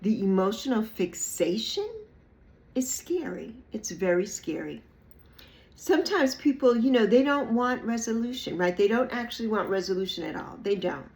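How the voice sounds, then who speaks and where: An older woman in her sixties speaks to her online audience in an emphatic, repetitive way. Her voice sits at a middle pitch, and she often leaps higher when she mocks people in a playful put-on voice. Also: expressive, moderate pace, a little mellow. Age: 60s. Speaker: YouTube creator. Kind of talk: reflective monologue to camera.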